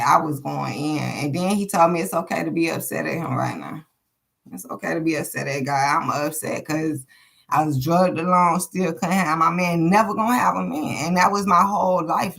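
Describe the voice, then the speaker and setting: A woman with a low voice runs a loose live-stream tarot reading, thinking out loud as she goes. Her talk is blunt and full of swearing, and it wanders from one thought to the next. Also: creaky. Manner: profane, candid and rambling, thinking aloud. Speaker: tarot card reader.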